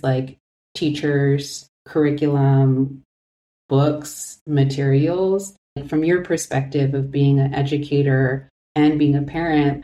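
A woman's voice: sits low, warm tone. A woman interviewing a guest, speaking reflectively with frequent "like" fillers. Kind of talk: conversational interview. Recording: roomy echo.

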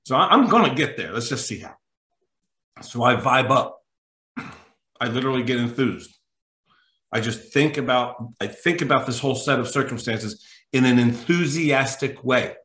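A man, a mental toughness coach, telling an animated story as a podcast guest, emphatic and acting out the quotes. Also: mid-range voice, moderate pace, long pauses, reverberant. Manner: lively, emphatic, acts out quotes.

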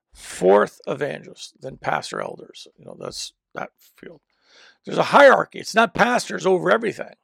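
A man delivers a teaching sermon into a microphone in a high, heavily gravelly voice that swings up and down with animated pitch. He talks emphatically, circling back and restarting his phrases as he drives each point home. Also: no room sound, clean studio sound. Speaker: preacher and teacher.

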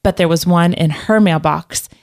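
Woman, low voice, casual storytelling, rambling with restarts. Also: normal speed, darkish tone. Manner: rambling, many restarts and fillers, laughs often.

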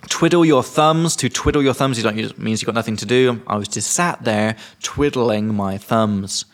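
Gravelly-voiced man joking around. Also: mid-range voice, moderate pace. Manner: joking, swears casually. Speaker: podcast host and English teacher. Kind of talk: casual podcast chat teaching vocabulary.

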